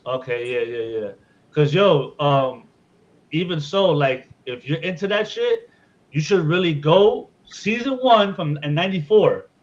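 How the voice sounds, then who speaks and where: A man's voice: fairly high pitch, lively intonation, a little slow, highs cut off. A man hosting a podcast in loose, joking casual chat, swearing freely. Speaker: podcast host.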